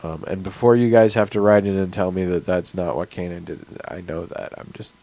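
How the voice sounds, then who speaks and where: Man, podcast host, game master, casual chat, gravelly, rambling. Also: low-pitched, fairly even intonation, a little fast, mellow, rough recording. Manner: rambling, chatty, frequent fillers.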